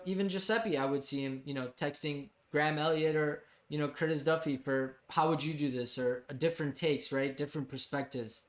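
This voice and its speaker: Man chatting in an echoey room. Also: fairly high pitch. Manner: loose, filler-heavy, agreeable. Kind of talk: casual chat.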